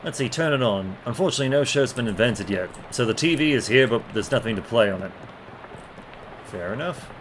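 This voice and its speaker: Man, casual gameplay commentary, medium pitch, noisy background. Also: expressive, fairly quick. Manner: reads game text aloud, stumbling on words. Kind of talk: casual let's play commentary.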